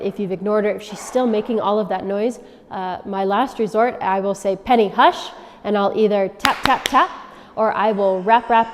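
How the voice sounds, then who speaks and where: A woman dog trainer giving instructions to dog owners, often checking in with a quick "okay?". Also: medium pitch, slight background noise. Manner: coaching, checks in with frequent "okay?". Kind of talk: instructional demonstration. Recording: long reverb.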